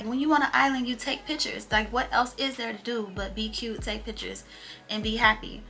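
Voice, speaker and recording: A woman's voice: fairly high pitch, a little fast, faint music behind. A young woman vlogger telling a story in casual, slangy chat and acting out what people said. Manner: animated, slangy storytelling that acts out quotes.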